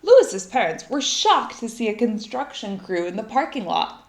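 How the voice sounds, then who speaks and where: A woman reading a children's story aloud in an expressive, lively way. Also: a little high, moderate pace. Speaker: storybook reader. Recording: echoey room.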